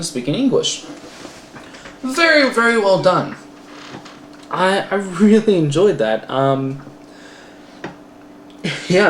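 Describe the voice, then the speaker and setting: A man casually reviewing a film for a class, rambling with many fillers and self-corrections. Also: fairly high pitch. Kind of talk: casual spoken movie review. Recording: roomy echo, faint background noise.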